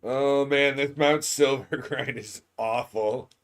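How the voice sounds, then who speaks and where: A man's voice: mid-range voice, fairly even intonation, takes it slowly. Young male streamer, loose joking banter, laughs a lot, mid-range voice. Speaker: gaming streamer. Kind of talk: casual chat while playing a game.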